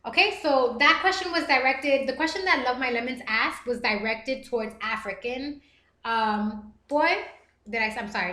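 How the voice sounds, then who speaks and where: A woman's voice: on the high side, sharp tone, echoey room. A woman hosting a live stream, reading chat messages aloud and talking earnestly and emotionally. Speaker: livestream host reading chat. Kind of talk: casual live-stream talk.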